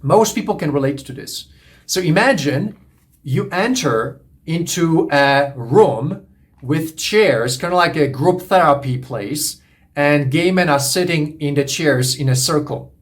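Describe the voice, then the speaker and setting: A man's voice: fairly high pitch, lively intonation, a little slow. A man coaching on relationships, lecturing in an earnest, repetitive, emphatic way. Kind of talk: monologue lecture to camera.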